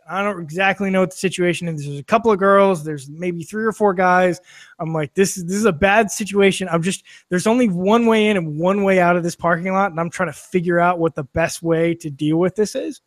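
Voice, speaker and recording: A man's voice: sits high, a little fast, no room sound, clean studio sound. A man telling a long anecdote on a casual podcast, with lots of fillers, restarts and swearing, laughing as he goes. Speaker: podcast guest or co-host. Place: studio filmed for video.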